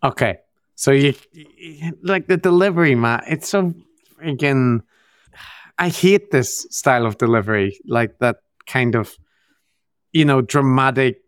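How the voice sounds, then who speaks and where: A man co-hosting a podcast, giving casual, animated commentary on media clips with frequent restarts. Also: mid-range voice, unhurried, clean tone, no echo, clean studio sound. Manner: animated, exasperated critique with restarts. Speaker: podcast co-host.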